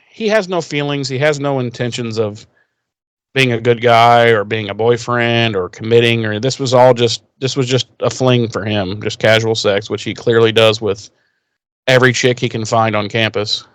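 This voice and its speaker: A man co-hosting a podcast, recapping a TV episode in casual chat, animated and profane. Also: medium pitch, normal speed, no echo. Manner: profane, animated retelling with acted quotes. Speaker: podcast co-host.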